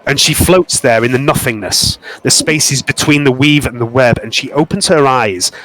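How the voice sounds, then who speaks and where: A man's voice: mid-range voice, a bit bright, rough recording. Man narrating with grand drama. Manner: slow, dramatic descriptive narration. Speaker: game master. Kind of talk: narrating a tabletop game.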